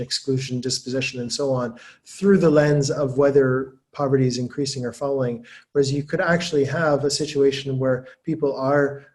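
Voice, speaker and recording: A male scholar speaking in a webinar at a middling pitch. He talks fast and thinks aloud, restarting his sentences and repeating words as he builds his argument. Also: a little mellow. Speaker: guest speaker, academic. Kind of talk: webinar talk.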